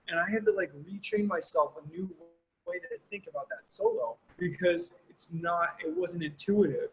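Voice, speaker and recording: This guest horn player has a high voice and talks at normal speed, musing his way through questions on a video call with plenty of "you know" and "like." The recording is rough.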